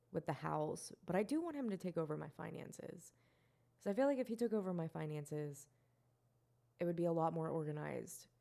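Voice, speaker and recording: Low-voiced rambling woman podcaster. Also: vocal fry, a little mellow. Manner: rambling, self-mocking, swears, laughs often. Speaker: podcast host. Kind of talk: solo podcast rant.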